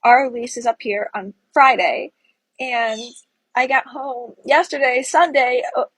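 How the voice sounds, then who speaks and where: Young woman, high and breathy-husky, close dry phone sound, tearful breakup storyteller. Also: measured pace, fairly bright tone, no room sound, low-quality recording. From Florida. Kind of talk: emotional storytelling to camera.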